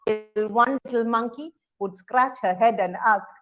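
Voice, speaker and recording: A woman's voice: medium pitch, unhurried, few pauses. A woman telling a children's story aloud, with sound effects and questions for the audience.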